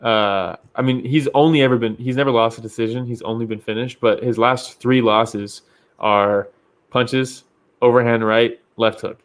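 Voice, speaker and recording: A man's voice: mid-range voice, fairly even intonation, moderate pace. A man co-hosting a casual podcast about fights, loose and profane, laughing often. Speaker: podcast co-host.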